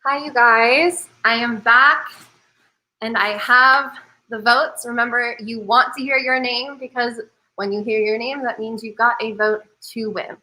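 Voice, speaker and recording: A woman host reads out final votes one at a time, pausing to build suspense. Her voice is bright and a little high, heard over a video call. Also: steady tone, poor audio. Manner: measured, suspenseful vote reading. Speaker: game host reading votes. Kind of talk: announcing results.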